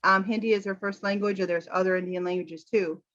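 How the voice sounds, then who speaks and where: An American woman, an English teacher, chatting casually about a film with animated quoting. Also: medium pitch, fairly quick, highs cut off. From United States. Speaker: English teacher, channel host.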